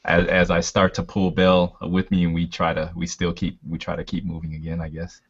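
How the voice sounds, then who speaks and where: A man's voice: low voice, monotone, a little fast, husky. A man playing a tabletop game, describing his character's actions hesitantly with many uhs. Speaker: player. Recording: lo-fi audio.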